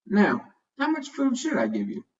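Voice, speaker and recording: A man voicing an eager, fretful young boy in a children's storybook, in a raised, excitable voice. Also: high-pitched, moderate pace, pitched above the performer's own voice. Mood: excited. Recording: dull, distant home recording.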